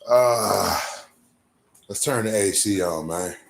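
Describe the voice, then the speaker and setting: A man's voice: fairly low pitch, slow, gravelly. A man doing rambling livestream banter, crude and trash-talking, answering his chat. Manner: sings off-key bursts of a ballad.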